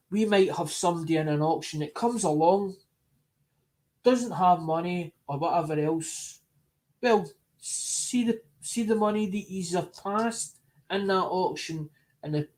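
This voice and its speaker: A man's voice: a little high, darkish tone. A man talking casually to his supporters, rambling and often repeating or restarting his phrases. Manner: talks to supporters in an unhurried, chatty way. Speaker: coin collector vlogger.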